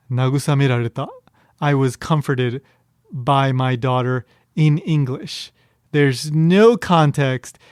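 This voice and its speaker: A man's voice: fairly high pitch, darkish tone, dry recording, clean studio sound. Wry, rambling podcast host man. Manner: rambling, full of fillers and restarts; wry, amused, breaks into chuckles. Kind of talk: casual commentary.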